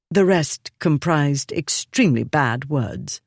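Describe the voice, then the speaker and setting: A narrator reading a historical romance novel in a measured storytelling manner. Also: medium pitch, animated, a little mellow, no echo, clean studio sound. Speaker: audiobook narrator.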